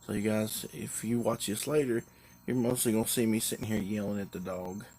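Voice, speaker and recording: A man's voice: on the low side, steady tone, brisk, darkish tone, a little hiss or hum. A tired, drowsy man chatting casually on a live stream while sitting outdoors on his porch, rambling in a laid-back way. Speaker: livestream host.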